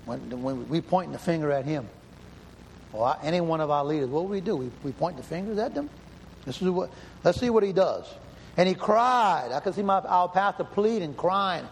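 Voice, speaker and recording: A man preaching in a fairly high voice, his words ringing out with a long echo of a hall. He reads scripture and presses his listeners with questions, repeating himself for emphasis. A faint hum of the room sits underneath. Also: animated, moderate pace. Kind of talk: sermon with scripture reading. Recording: hall reverb, faint ambience.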